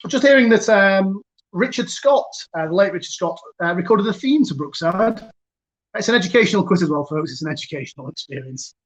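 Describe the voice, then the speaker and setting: A man hosting a virtual pub quiz over a video call, chatty, chuckling, and reading each question twice, slowly. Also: sits high, expressive. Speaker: quiz host. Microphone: computer mic on a video call. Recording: dull lo-fi video call audio.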